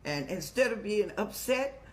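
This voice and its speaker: A woman's voice: medium pitch, lively intonation, a little slow. Folksy motherly woman giving advice. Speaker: advice show host. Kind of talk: casual advice talk.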